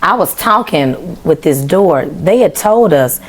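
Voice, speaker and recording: Lively chatty young woman storyteller. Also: lowish voice, takes it slowly, husky. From US South. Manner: animated, chatty, mimics voices while telling stories. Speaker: guest singer. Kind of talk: casual storytelling.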